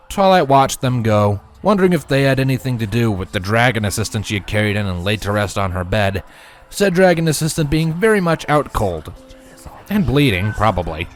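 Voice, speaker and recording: A man reading a fan story aloud in a wry, expressive narrating voice. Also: mid-range voice. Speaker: fanfiction reader.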